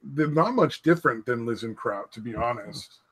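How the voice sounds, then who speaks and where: A man chatting on a podcast in a middle-pitched voice, loose and rambling. He hedges constantly with "I mean" and "like," and swears freely as he talks. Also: lively intonation, moderate pace, a bit bright, husky, poor audio. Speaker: podcast host. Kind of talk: casual profane chat.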